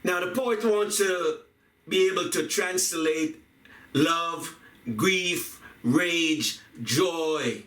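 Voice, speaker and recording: A man giving a reflective talk on poetry and music, speaking deliberately, repeating phrases and chanting rhythms aloud. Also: a little high, fairly bright tone. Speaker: video essayist on poetry and music. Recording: echoey room, voice from a distance.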